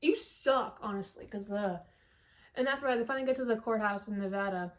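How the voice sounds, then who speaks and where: A woman's voice: mid-range voice, quick pace. A woman giving a casual movie recap with lots of swearing, acting out characters' lines as she goes. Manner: animated, profane storytelling, acting out characters' lines.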